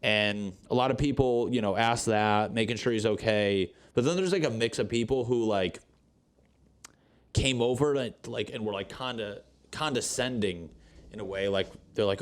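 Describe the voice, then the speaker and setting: A young man with a lowish voice tells a story on his podcast, rambling and swearing freely. He slips into the voices of the people in the story as he goes. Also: normal speed. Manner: profane, rambling, acts out quotes. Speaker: podcast host. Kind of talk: casual storytelling monologue.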